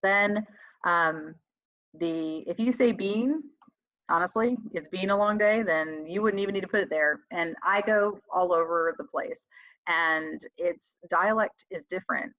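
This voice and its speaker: A woman's voice: lowish voice, a little slow, fairly bright tone, no echo, dull audio. A woman tutor giving a casual webinar lesson, chatty and self-deprecating, thinking aloud as she writes. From United States. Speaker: reading tutor presenting a webinar. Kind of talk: casual teaching talk.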